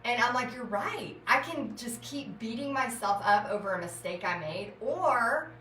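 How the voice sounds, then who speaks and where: A woman's voice: a little high, moderate pace, distant mic, a little hiss or hum. A woman, chatting animatedly as she tells a story while painting. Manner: chatty, animated, retells scenes with rising exclaiming voice. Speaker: art vlogger and former teacher. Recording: echoey room, voice a bit off-mic.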